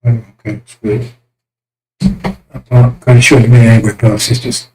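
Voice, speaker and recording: A man's voice: mid-range voice, level tone, moderate pace, darkish tone, faint music behind, low-quality recording. A man delivering an impassioned religious rant as a self-styled messenger, fiery, crude and mocking.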